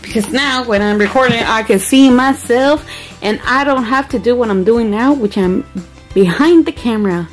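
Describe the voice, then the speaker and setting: A woman's voice: on the high side, moderate pace, faint music behind. A young woman in a beauty vlog, unboxing a new camera and gushing over each item with breathless exclamations. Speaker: beauty vlogger.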